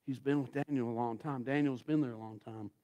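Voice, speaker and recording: A man preaching a sermon as guest pastor, telling the story in a folksy, dramatic way that swings from loud to hushed. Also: mid-range voice, steady tone, fairly quick.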